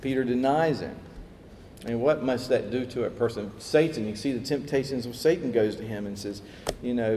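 A man preaching a sermon, lively, acting out quoted voices as he tells the story. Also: medium pitch, moderate pace, a little hiss or hum. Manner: animated, acts out quoted voices, chuckles. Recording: echoey hall with faint ambience.

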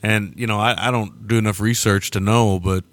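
Male podcast co-host, lowish voice, relaxed and agreeable, laughs easily. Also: moderate pace, no room sound. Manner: easygoing, laughs often, agreeable. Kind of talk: casual film-review chat.

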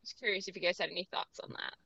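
A woman's voice: on the low side, steady tone, rapid-fire, vocal fry, pushed and bright, slightly rough, no echo, muffled recording. A young woman co-hosting a college radio show, chatting casually with lots of "like" fillers. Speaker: radio co-host.

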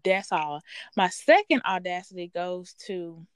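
A woman hosting a podcast, telling a workplace story in a blunt, profane, sassy and animated way. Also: fairly low pitch, a little slow, clear, resonant tone, dry recording. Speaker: podcast host. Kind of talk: casual storytelling rant.

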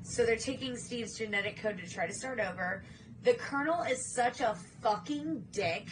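A woman's voice: a little high, moderate pace, slight background noise, poor audio. A young woman co-hosting a podcast, chatting casually and animatedly, swearing freely and acting out movie scenes. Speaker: podcast co-host. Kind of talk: casual chat.

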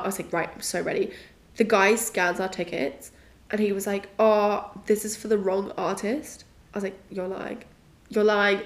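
A young woman from England, hosting a podcast, chatting and telling a story with lots of giggles and fillers. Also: medium pitch. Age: young adult. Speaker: podcast host. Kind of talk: casual storytelling monologue.

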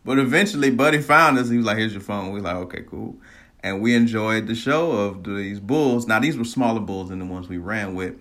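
A man casually telling a personal story, animated, laughing often and swearing freely. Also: fairly low pitch, a little fast, few pauses.

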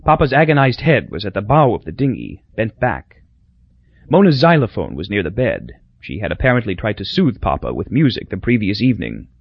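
A man reading a novel aloud as audiobook narrator, expressive and storytelling. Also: fairly low pitch, brisk, vocal fry, husky, no echo. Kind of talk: scripted narration. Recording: dull dry lo-fi recording.

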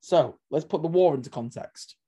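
A man's voice: fairly high pitch, normal speed, dark tone, slightly rough. A man co-hosting a history podcast, talking animatedly with sarcastic asides. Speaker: podcast co-host. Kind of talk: casual history podcast discussion.

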